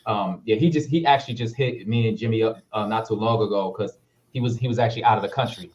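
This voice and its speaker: A man, a guest actor telling stories in a casual interview, relaxed and full of fillers. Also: lowish voice, fast, lo-fi sound. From Harlem, New York. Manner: laid-back, full of fillers, lively when retelling.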